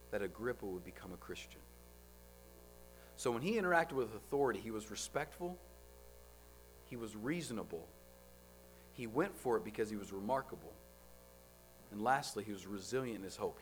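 A man preaching a sermon, firing off rhetorical questions and swinging between loud, driving lines and quiet ones. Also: mid-range voice, a little hiss or hum.

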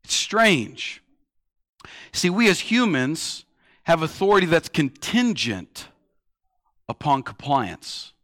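Thirties guy preaching, storytelling, gets loud then hushed, kinda high voice. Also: very animated, slow, long pauses, dry recording, clean studio sound. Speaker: pastor. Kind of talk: sermon.

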